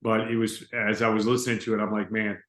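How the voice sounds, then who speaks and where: A man's voice: on the low side, little pitch movement, fast, fairly bright tone. A man hosting a podcast, reflective and informal in casual chat. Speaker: podcast host. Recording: echoey room.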